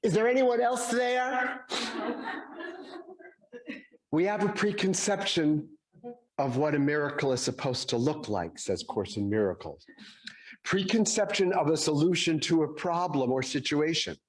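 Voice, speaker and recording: A man in his sixties giving a Sunday sermon, telling stories gently and acting out the dialogue in them. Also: a little high, sing-song, normal speed. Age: 60s. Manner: gentle storytelling, acts out dialogue in quotes. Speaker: speaker at a Sunday service.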